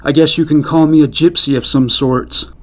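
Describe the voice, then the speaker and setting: A man's voice: on the high side, steady tone, moderate pace, lightly acted. A man reading an easygoing young Scottish drifter. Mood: friendly.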